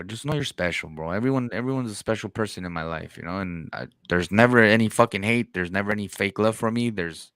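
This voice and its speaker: A man's voice: low voice, a bit bright, no echo. Slangy, profane male podcast host. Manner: slangy, profane storytelling with acted-out quotes. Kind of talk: casual chat.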